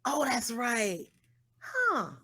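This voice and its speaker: A woman chimes in as she listens, with quick exclamations and questions. Her pitch swings widely, in a relaxed, chatty way. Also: slightly rough. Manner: reactive, exclaims and asks questions. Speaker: listener reacting to a story. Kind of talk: casual chat.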